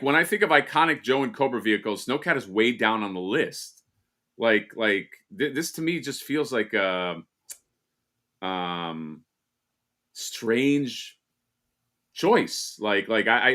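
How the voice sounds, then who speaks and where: A man chats loosely on a live stream, joking and circling back with fillers and false starts. His voice is bright and forceful, with a middling pitch for a man. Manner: rambling, joking, many fillers and restarts. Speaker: co-host. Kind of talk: casual live-stream chat.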